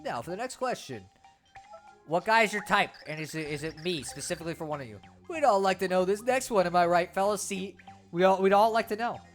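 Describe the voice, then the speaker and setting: A woman's voice: fairly low pitch, lively intonation, brisk, soft background music, natural voice. A woman doing a hyped game-show host. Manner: hyped, showy announcing.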